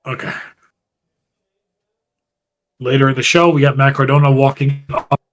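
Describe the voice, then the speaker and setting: A man's voice: mid-range voice, level tone, measured pace, a little hiss or hum. A man co-hosting a podcast in casual chat, animatedly retelling events and acting out quotes in a raised voice. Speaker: podcast co-host.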